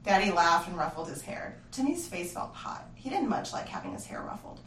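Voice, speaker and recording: Hushed woman telling a horror story. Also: fairly low pitch, big pitch swings, brisk, few pauses, a little hiss or hum. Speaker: narrator. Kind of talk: storytelling narration. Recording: roomy, distant mic, faint ambience.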